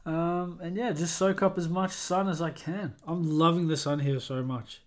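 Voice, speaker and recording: Upbeat Australian podcast host, fairly high. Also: male voice, steady tone, moderate pace. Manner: upbeat, rambling, self-correcting. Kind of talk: casual solo podcast chat.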